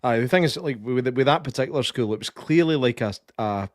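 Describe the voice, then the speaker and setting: Rambling Scottish man, mid-pitched. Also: a little fast, no echo, studio quality. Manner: rambling, loses his words, casual swearing. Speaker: podcast co-host. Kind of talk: casual film-review chat.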